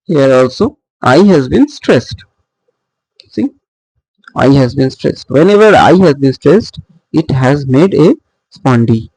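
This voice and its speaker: Slow, gravelly male lecturer. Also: mid-range voice, animated, a little mellow, no room sound, rough recording. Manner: slow, halting explanation with frequent fillers and restarts. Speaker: literature teacher. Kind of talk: recorded lecture on poetic meter.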